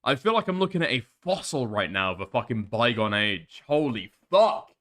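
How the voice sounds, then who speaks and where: A man's voice: medium pitch, big pitch swings, normal speed, fairly bright tone. A man streaming live, reacting to a video with crude, mocking commentary and frequent laughter.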